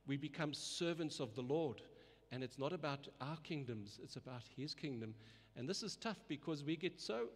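A man preaching a sermon in an earnest way, often repeating words and letting his voice rise and fall for emphasis. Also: a little high. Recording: long reverb of a hall.

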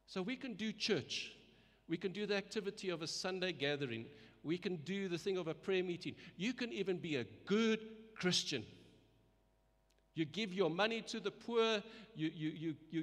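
Earnest preacher in a reverberant hall. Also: male voice, high voice, fairly bright tone. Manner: earnest, repeats words, rises and falls for emphasis. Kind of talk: sermon.

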